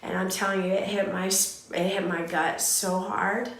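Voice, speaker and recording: A woman's voice: mid-range voice, moderate pace. Candid woman in an echoey room. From Southern California. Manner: candid, animated, fillers and restarts. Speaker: host. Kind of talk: emotional personal storytelling.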